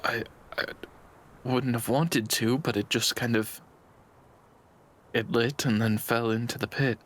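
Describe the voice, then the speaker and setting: A man role-playing his character in a tabletop game, speaking in an earnest, halting way. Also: medium pitch, fairly even intonation, fairly bright tone. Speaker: player.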